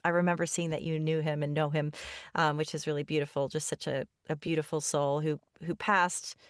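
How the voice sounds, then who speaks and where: A woman hosting a podcast interview, speaking in an earnest, soft-spoken and affirming way. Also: low-pitched, little pitch movement, brisk, clean tone, no echo, clean studio sound. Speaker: podcast host. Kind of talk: conversational interview.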